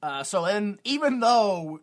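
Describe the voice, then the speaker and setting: A man's voice: high-pitched, very animated, slow pace. A man co-hosting a podcast, recapping a film in a rambling, casual way and laughing at his own retelling. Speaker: podcast co-host.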